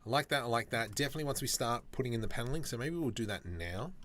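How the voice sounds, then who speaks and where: A man's voice: medium pitch, animated, rapid-fire, a bit bright, a little hiss or hum. A man chatting casually on a live stream while he works, reacting to viewer comments with jokes.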